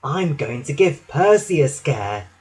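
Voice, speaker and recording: A man voicing a cheeky, boastful young male tank engine in a storybook reading, shouting in shrill, excited bursts. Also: a little slow, breathy edge, full character voice.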